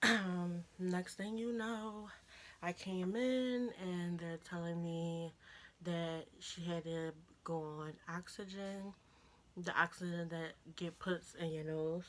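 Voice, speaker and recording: A young woman talking casually to camera in a vlog, pausing often and getting choked up. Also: on the low side, steady tone. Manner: informal, pausing, soft laughs. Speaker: vlogger.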